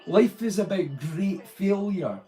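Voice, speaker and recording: A man's voice: high voice, lively intonation, slow pace, warm tone. Scottish man chatting on a live stream. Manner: reflective, talks directly to chat viewers. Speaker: streamer host. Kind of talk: casual live stream chat.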